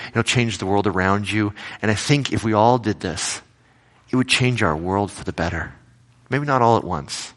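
Lower-voiced man giving a casual sermon. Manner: conversational storyteller, animated when retelling anecdotes. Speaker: pastor.

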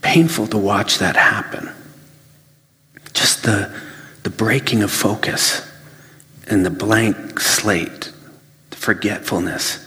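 A pastor giving a sermon, telling everyday stories with lively acted-out asides. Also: male voice, fairly low pitch, takes it slowly, long pauses. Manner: animated storytelling, acts out his own flustered inner voice. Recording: long reverb of a large hall.

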